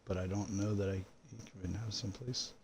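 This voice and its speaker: A congested man talks quietly and mostly to himself while streaming a game. His voice sits fairly low, with a soft, unhurried delivery. A faint hiss of noise runs underneath. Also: fairly even intonation. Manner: quiet, musing half to himself. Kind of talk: casual livestream commentary while building.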